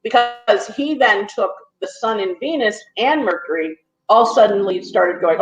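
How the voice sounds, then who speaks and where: A woman astrologer chatting casually as a guest, telling a story quickly and acting out the people in it. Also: mid-range voice. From New York. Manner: talks fast when nervous, acts out quotes. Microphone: phone on a call. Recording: echoey, dull phone audio.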